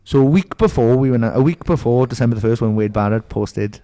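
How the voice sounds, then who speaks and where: A middle-aged podcast guest from Merthyr Tydfil in Wales talks a little fast in a warm, mid-range voice with a Welsh accent. Telling stories in casual conversation, he swears freely and acts out the voices of anyone he quotes.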